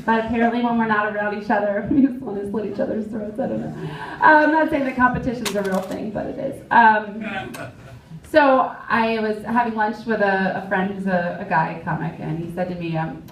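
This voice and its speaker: A woman's voice: medium pitch, brisk. A woman doing a stand-up comedy set in a club, telling wry, self-mocking stories full of fillers. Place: live comedy club stage. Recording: roomy, distant live club recording.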